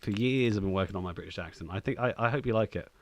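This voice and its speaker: This gaming streamer has a lowish voice and talks at a racing pace. He casually comments on the game he's playing, staying chatty and playfully joking at his own expense.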